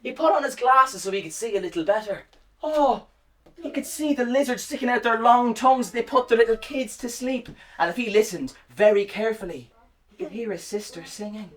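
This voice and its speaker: A woman telling a story live to children, speaking directly to them in a warm, sing-song way. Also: a little high, a little fast, distant mic. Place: home or school, live performance.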